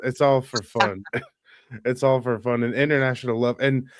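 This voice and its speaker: A man's voice: mid-range voice, steady tone, moderate pace, dry recording. A man from the southeastern United States with a Southern accent, co-hosting a casual podcast and telling a rambling story. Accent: Southern American. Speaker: podcast co-host.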